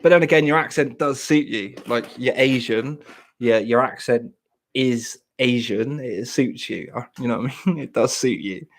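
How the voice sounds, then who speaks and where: A man's voice: mid-range voice, moderate pace. Jokey man with a Plymouth Janner accent. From Plymouth, England. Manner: rambling, jokey, self-mocking. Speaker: livestream host. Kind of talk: casual livestream chat.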